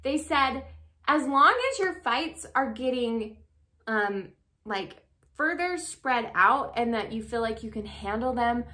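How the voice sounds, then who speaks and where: A young woman giving relationship advice as a life coach, chatty and animated, full of "like" and "um". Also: on the high side, slow. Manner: chatty, frequent "like" and "um", animated storytelling. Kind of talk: casual advice talk to camera.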